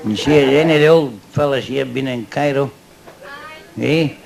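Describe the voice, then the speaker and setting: A man's voice: mid-range voice, moderate pace, vocal fry, a crowd in the background, rough recording. An older Scottish man doing a stand-up routine before a live audience, chatty and cheeky, laughing at his own jokes. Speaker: stand-up comedian.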